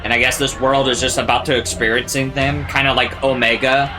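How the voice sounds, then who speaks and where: A man giving casual reaction commentary to a show, excitable and swearing freely as he talks back at the screen. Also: medium pitch, fairly quick. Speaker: reaction video host. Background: show audio and music playing.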